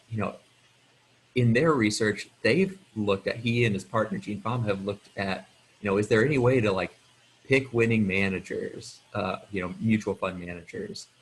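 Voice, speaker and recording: Measured low-voiced male advisor, faint hiss. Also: poor audio. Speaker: financial advisor. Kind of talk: casual office-hours chat.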